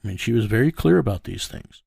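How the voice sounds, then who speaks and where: A man's voice: mid-range voice, animated, quick pace, gravelly, darkish tone. A man bluntly telling his own story in a casual interview, often repeating words as he restarts. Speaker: bounty hunter guest telling his story.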